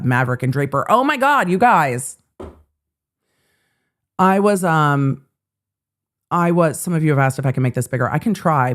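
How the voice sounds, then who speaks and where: Chatty woman host riffing with her livestream chat. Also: low voice. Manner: chatty, swearing, animated asides to chat. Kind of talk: casual livestream legal commentary.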